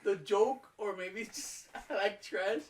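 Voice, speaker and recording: Young guy on a podcast, pretty high voice, laughs and swears a lot while telling stories. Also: unhurried, slight background noise. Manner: laughing storyteller, swears often. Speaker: podcast co-host. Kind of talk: casual chat.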